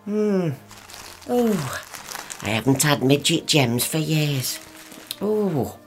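A woman's voice: low-pitched, lively intonation, takes it slowly, faint music behind, exaggerated voice. An actress playing a bustling, nagging working-class mother with a northern English accent in a radio play. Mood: fussing. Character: fussing, practical northern working-class mum.

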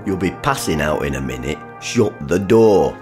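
A deep, gruff working-class father blusters. He is sarcastic and quick to rant. Faint music plays behind him. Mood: bossy. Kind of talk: radio play acting.

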